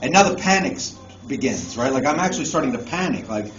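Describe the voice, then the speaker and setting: A man's voice: fairly high pitch, animated, brisk, over loud music. A man, a musician guest at a convention panel, telling a casual story to a live audience, laughing often and swearing freely. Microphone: phone recording from the audience. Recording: echoey muffled phone recording with room noise.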